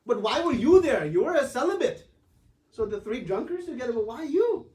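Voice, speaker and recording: A man's voice: high-pitched, normal speed, natural voice. A man voicing an amused elder male sage who teases and reassures. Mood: teasing. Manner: teasing, reassuring. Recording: roomy distant mic.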